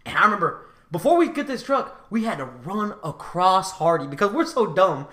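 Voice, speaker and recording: A man from Houston telling profane, animated stories on a casual chat show, often laughing. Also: high-pitched, moderate pace, reverberant. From Houston, Texas.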